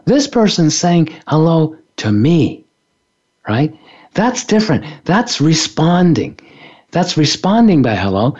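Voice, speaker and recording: Slow, animated man giving a spiritual talk. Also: fairly high pitch, lo-fi sound. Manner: playful, laughs often, acts out little scenes. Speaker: author and spiritual teacher. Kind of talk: reflective spiritual talk on a radio show.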